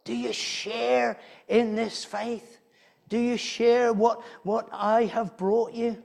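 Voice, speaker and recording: High-voiced man preaching a sermon. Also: level tone, takes it slowly, vocal fry, darkish tone. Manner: conversational, rhetorical questions, frequent restarts.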